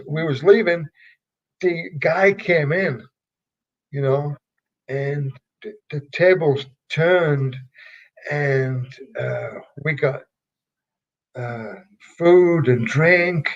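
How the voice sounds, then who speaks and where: An older English man with a Yorkshire accent, a retired wrestler appearing as a guest, tells rambling stories in a casual interview. His voice is on the high side and he speaks haltingly with plenty of fillers and restarts, recorded with lo-fi sound.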